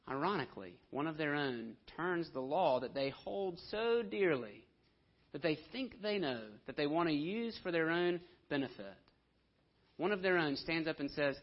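This man, a pastor, gives a chatty sermon and sometimes voices the people in the story he's telling. He has a fairly high pitch and an unhurried delivery, captured in dull, lo-fi audio.

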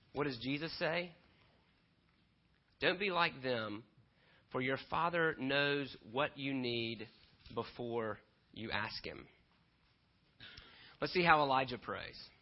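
A man preaching a sermon in a conversational way, retelling the story with animated asides and checking in with the listeners often. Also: mid-range voice, highs cut off. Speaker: pastor.

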